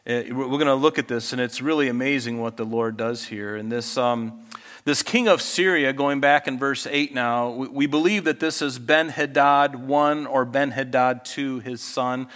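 A man preaching a sermon as a pastor, talking in a conversational way that turns animated when he acts out quoted speech. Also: mid-range voice, moderate pace, long reverb tail.

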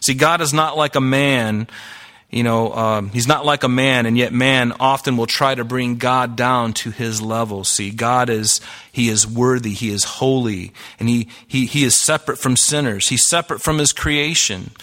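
Bright-voiced man preaching a sermon. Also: mid-range voice, steady tone, normal speed. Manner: earnest, explains Greek words, quotes scripture. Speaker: pastor. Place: church hall with live audience.

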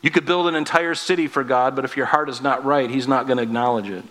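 A man's voice: medium pitch, quick pace, a bit bright. Man preaching in an earnest, conversational way. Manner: asks the listeners rhetorical questions. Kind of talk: sermon.

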